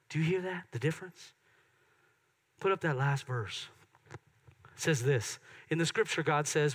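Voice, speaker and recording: A middle-aged man preaching a sermon in church, swinging from excited loud peaks to soft hushed moments. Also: fairly high pitch, measured pace, slightly rough. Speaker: pastor. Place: church sanctuary.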